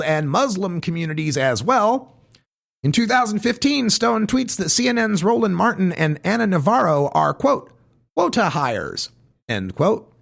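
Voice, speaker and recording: A man's voice: sits high, vocal fry, fairly bright tone. A man hosting a podcast, reading a scripted commentary segment and stressing each quote with pointed emphasis. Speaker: podcast host.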